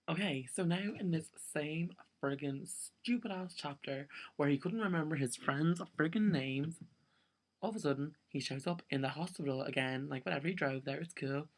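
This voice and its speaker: A man's voice: fairly high pitch, vocal fry. A young man, ranting to camera in a casual vlog, peppering every sentence with "like". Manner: exasperated, filler-heavy ranting with lots of "like". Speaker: vlogger.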